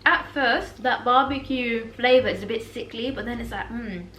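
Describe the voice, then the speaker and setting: Young woman, casual book vlog chat, bright tense tone, fairly high voice, roomy echo, soft music behind. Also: moderate pace. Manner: animated, outspoken, reacting with exasperation. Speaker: book vlogger. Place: home room.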